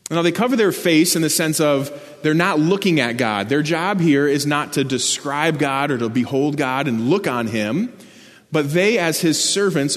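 A male preacher gives an earnest sermon, explaining scripture and stressing key words with rising emphasis. His voice is at an ordinary middle pitch, and long reverb trails behind him as if in a large hall.

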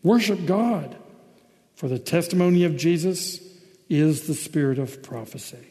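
A male pastor with a slightly high, mellow voice delivers a sermon, praying and reading scripture in a solemn, deliberate way. His words ring out with the long reverb of a large church sanctuary. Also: animated.

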